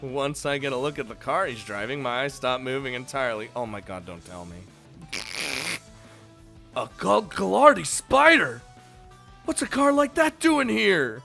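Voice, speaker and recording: Bright-voiced man reading a visual novel. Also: medium pitch, very animated, moderate pace, vocal fry, soft background music. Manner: jokey, swearing, laughing asides. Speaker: let's play host.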